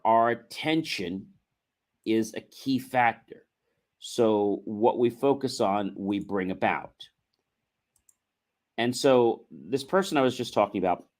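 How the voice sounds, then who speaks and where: A man hosting a motivational livestream, talking earnestly and repeating himself, with frequent fillers and asides to "ladies and gentlemen". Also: mid-range voice. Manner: measured delivery with frequent fillers. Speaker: host.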